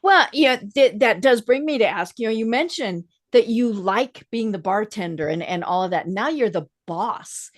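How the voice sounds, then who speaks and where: A woman hosting a casual interview, her voice a little high and lively in its rise and fall. She keeps the guest going with steady, encouraging backchannels. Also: normal speed, hardly any pauses. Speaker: podcast host.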